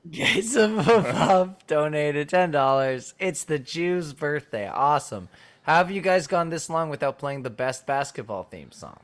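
Lively joking co-host man. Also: a little high, measured pace. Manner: joking, reads donations aloud. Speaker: stream co-host. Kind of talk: casual comedic chat.

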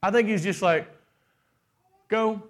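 A middle-aged man preaching a sermon with animated delivery, putting on quoted voices and asking the congregation questions. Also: high-pitched, normal speed. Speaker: pastor.

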